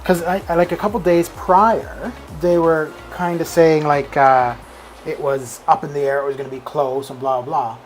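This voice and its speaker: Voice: mid-range voice, fairly even intonation, normal speed, poor audio. A game streamer chatting casually with viewers in a live stream, rambling with lots of restarts and fillers, over faint background music.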